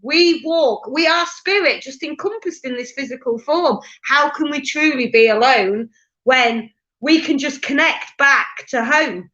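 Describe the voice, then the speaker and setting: High bright woman medium. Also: highs cut off. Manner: halting and chatty, many fillers and restarts. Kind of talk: live mediumship reading.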